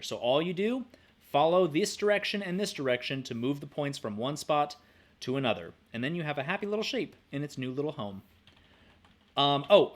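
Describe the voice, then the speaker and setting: A young man teaching a screen-recorded math lesson in an upbeat, playful way, humming and making little sound effects while he works. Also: a little high. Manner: upbeat, playful, hums and says "boop" while working.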